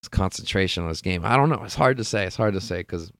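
A man hosting a solo sports podcast, talking casually and excitedly, swearing freely and laughing often. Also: deep voice, fast, gravelly, no echo, studio quality. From California. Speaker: podcast host.

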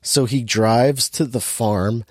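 Man, podcast co-host energy, animated storyteller, dry booth sound. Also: mid-range voice, takes it slowly, no room sound. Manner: animated storyteller, laughs often, acts out quotes. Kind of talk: casual movie recap chat.

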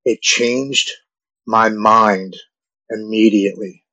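A man in his forties with a somewhat low voice tells a personal story, earnest and halting, often repeating himself when moved. His voice is recorded close and dry. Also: fairly even intonation, bright, forceful tone, no room sound, rough recording. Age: 40s. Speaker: guest telling his recovery story.

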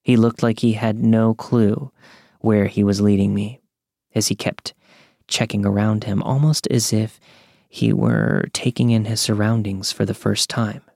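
A young man calmly narrating a true scary story from a script. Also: lowish voice, creaky, no echo, clean studio sound. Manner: calm, measured storytelling.

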